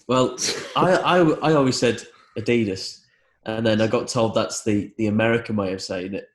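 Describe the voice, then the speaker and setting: A man's voice: fairly low pitch, a little fast. A man hosting a casual podcast chat, reading out facts with a dry, teasing delivery. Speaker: podcast host. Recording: echoey room.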